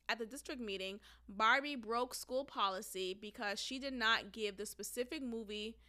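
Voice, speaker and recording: A woman's voice: fairly high pitch, sharp tone. A woman hosting a podcast and talking bluntly, profanely and with frequent laughter in casual opinionated commentary. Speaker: podcast host; former teacher.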